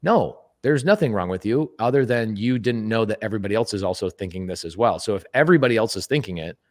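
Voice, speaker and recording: A man talking as a guest on a podcast, emphatic and animated, who acts out quoted speech and repeats words for emphasis. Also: lowish voice, fast talker. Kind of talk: casual podcast conversation.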